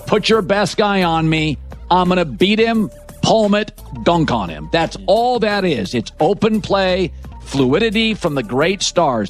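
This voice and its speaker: A man hosting a sports talk show, delivering punchy, opinionated takes. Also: sits high. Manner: emphatic, punchy declarations.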